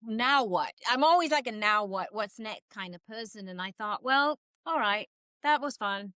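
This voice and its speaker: A woman guest, a psychic medium, telling stories in a casual interview and acting out quoted voices with quick laughs. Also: mid-range voice, expressive, sharp tone, dry recording.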